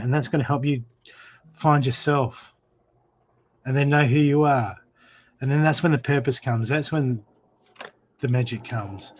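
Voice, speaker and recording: A man doing live-stream card readings, talking warmly and repetitively to viewers by name. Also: medium pitch, slight background noise. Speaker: psychic reader.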